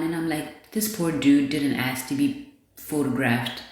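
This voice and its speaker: A woman's voice: rumbling low, unhurried. A woman hosting a podcast, talking bluntly and candidly in a casual monologue, with plenty of swearing. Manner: candid, blunt, profane commentary. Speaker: podcast host. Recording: very echoey room.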